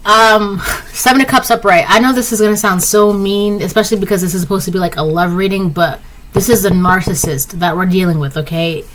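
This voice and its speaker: A woman's voice: steady tone, fairly quick, fairly bright tone, slight background noise, rough recording. A woman giving a casual tarot reading, rambling and chatty, with lots of "like" and "right?". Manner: acts out quoted lines in a higher voice. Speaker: tarot reader.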